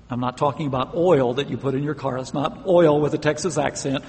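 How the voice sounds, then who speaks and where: A man's voice: on the high side, moderate pace, long reverb tail. A man preaching a sermon, earnest and emphatic, stressing key words and now and then laughing.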